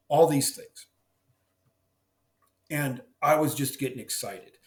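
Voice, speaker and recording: A man's voice: medium pitch, slow. A middle-aged man, a dairy farmer telling his story in a plainspoken, folksy way as a podcast guest. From Missouri. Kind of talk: heartfelt storytelling in a podcast interview. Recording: roomy echo.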